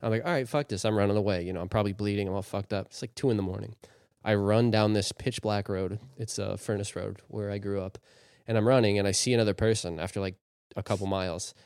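Fast-talking, crude, joking man. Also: on the low side, fairly even intonation, darkish tone, smooth, no room sound, clean studio sound. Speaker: podcast co-host. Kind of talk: casual chat.

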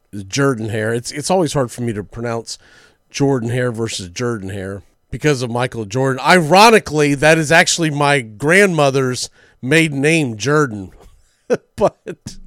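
A man's voice: mid-range voice, a bit bright, dry recording, studio quality. A man hosting sports talk radio, telling old game stories in a chatty way with small slips.

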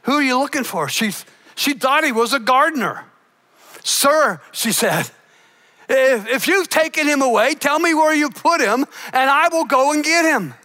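A male preacher with a very high, bright voice delivers a sermon with theatrical energy. He swings from shouted exclamations to hushed, earnest appeals, and throws in playful jokes along the way. His tone stays sharp and ringing throughout. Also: lively intonation, measured pace. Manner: dramatic storytelling with shouted emphasis and playful asides. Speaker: pastor.

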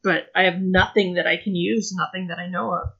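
Bright, husky woman on a lo-fi recording. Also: lowish voice, fairly even intonation, fairly quick. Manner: casual, first-person, full of "like" fillers. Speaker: player. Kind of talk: playing a tabletop game.

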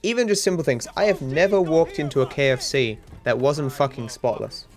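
An Australian man, a streamer, answering viewer questions in a casual, meandering way, with deadpan jokes and frequent restarts. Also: on the high side, fairly quick. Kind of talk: casual rambling Q&A.

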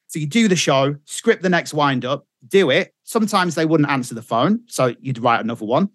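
A man's voice: a little high, normal speed, no echo, clean studio sound. A middle-aged man, a radio presenter telling stories in casual chat, swearing freely. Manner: animated storyteller, swears freely.

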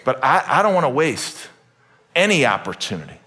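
A man preaching a sermon to a congregation, jokey and animated, swinging from loud emphatic bursts to soft asides. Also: mid-range voice, a little fast. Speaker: pastor. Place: church hall with congregation.

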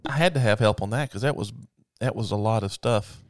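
A man co-hosting a podcast in casual chat, excitable and rambling with lots of fillers. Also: lowish voice, a little fast, no room sound, clean studio sound. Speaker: podcast co-host.

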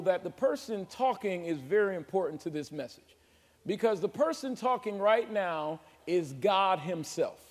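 A man preaches in a high, ringing voice, urging the congregation to answer back and stretching out scripture verses. The sound carries a long reverb from the church sanctuary. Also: a little mellow. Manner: emphatic call-and-response preaching, drawn-out scripture reading. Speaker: pastor. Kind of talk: sermon.

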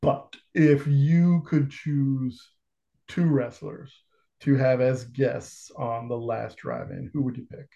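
A man hosting a podcast interview, talking in a halting, wry way with repeated words. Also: mid-range voice, fairly even intonation, vocal fry, mellow. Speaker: podcast host. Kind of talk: casual interview chat. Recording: dull lo-fi sound.

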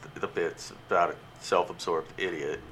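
A man's voice: deep voice, fairly even intonation, moderate pace, fairly bright tone, a little hiss or hum. A man chatting casually as a comedian, explaining his stand-up bit with fillers and asides. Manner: rambling, with fillers and self-mocking asides. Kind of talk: casual podcast chat.

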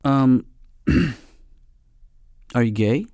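Awkward cartoon psychiatrist: hesitant, dry close sound. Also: male voice, medium pitch, lively intonation, very slow, dark tone, dry recording. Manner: hesitant, stammering restarts. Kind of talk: animated cartoon voice acting.

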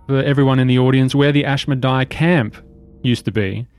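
Game master guy narrating a tabletop game, steady descriptive voice, faint music. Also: mid-range voice, moderate pace, clean tone.

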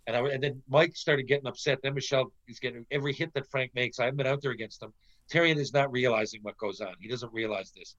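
A medium-pitched fast talker in dull audio: a middle-aged Canadian who used to play pro hockey. He's animated and profane, telling a casual story and acting out the quotes.

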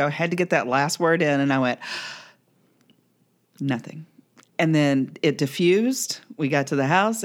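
A woman co-hosting a podcast, telling a personal story in casual chat with frequent laughter. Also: low-pitched. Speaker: podcast co-host.

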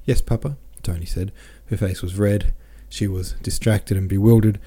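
A man hosting a podcast, reading a novel aloud with relaxed, chatty asides. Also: deep voice, moderate pace, slightly rough. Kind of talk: casual commentary and audiobook reading.

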